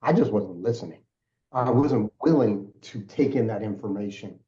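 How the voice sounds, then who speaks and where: A man's voice: fairly low pitch, normal speed, mellow. A man, a guest speaker, telling his personal testimony in an earnest, emotional way, repeating phrases for weight. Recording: echoey, dull lo-fi sound.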